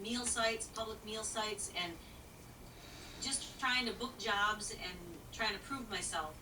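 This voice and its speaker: A woman's voice: medium pitch, echoey room, distant mic, background noise. A woman who is a singer, talking in a folksy, plain-spoken way with many fillers while being interviewed. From rural country. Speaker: singer and guest. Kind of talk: casual interview answers.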